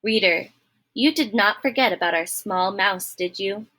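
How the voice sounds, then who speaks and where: A woman reading a children's novel aloud, expressive and friendly, speaking directly to her listeners. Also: medium pitch, measured pace. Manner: expressive, friendly, addresses the reader. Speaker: storybook reader.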